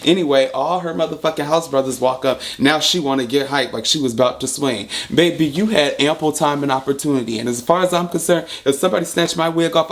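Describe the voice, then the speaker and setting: A man telling a story in a casual vlog monologue, blunt and profane, repeating points for emphasis. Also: medium pitch. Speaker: storyteller vlogger.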